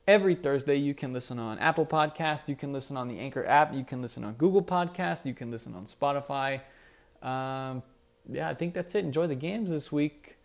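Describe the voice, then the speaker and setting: A man's voice: medium pitch, brisk, gravelly. A man hosting a solo sports podcast, rambling and mock-indignant, with lots of fillers and restarts. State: out of breath. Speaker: podcast host.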